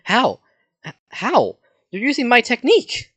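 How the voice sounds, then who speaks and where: A performer voicing a hot-tempered young female anime swordfighter in a fan roleplay reading, shouting indignantly. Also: medium pitch, huge pitch swings, moderate pace, pitched above the performer's own voice. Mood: furious.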